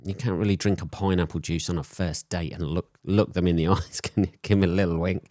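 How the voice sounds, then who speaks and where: A man's voice: low voice, lively intonation, a little fast, hardly any pauses, a bit bright, no room sound, studio quality. A man with a sore throat from a cold, hosting a solo podcast and rambling in crude, profane jokes. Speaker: podcast host.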